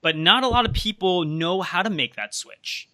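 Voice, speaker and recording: A man hosts the interview and asks reflective questions, often hedging with "like" and "you know". His voice is very bright and sharp, pitched a touch above the usual for a man. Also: animated, moderate pace. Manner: thoughtful, hedging with fillers. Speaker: interview host.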